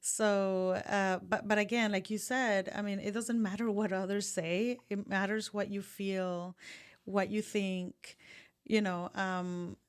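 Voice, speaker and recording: A woman's voice: medium pitch, fairly even intonation, slow pace, smooth. A woman co-hosting a podcast, speaking in an open, thoughtful way and sometimes searching for her words. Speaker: podcast co-host. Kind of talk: casual conversation.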